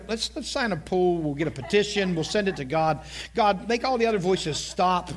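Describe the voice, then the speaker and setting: Middle-aged male preacher, high-pitched, conversational and animated from the pulpit. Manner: storytelling preacher, animated, repeats phrases, quick asides. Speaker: pastor. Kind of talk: sermon.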